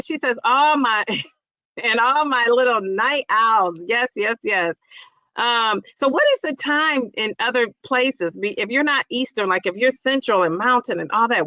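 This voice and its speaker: Woman, 50s, livestream host reading chat; effusive, bright tone, dry room. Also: on the high side, expressive, measured pace, dry recording, rough recording. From Ohio. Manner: chatty and effusive, greets viewers with loud bursts. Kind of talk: casual live chat.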